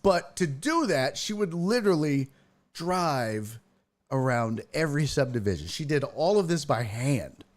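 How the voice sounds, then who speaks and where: A man, hosting a podcast and telling a family story in an animated, exaggerated way. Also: on the high side, measured pace. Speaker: podcast host. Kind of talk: casual storytelling.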